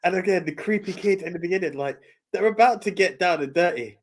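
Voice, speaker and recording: A man's voice: high voice, quick pace. A man co-hosting a casual movie podcast, agreeing often, laughing readily and reading out listener comments. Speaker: podcast co-host.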